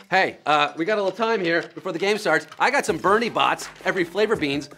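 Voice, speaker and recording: A man hosting a live trivia game show, energetic and jokey, with faint music behind him. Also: sits high, fast talker, hardly any pauses.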